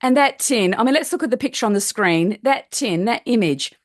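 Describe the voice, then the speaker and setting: A woman's voice: a little high, animated, brisk, dry recording, studio quality. A woman hosting an interview podcast, chatting casually and speaking with effusive enthusiasm. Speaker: podcast host.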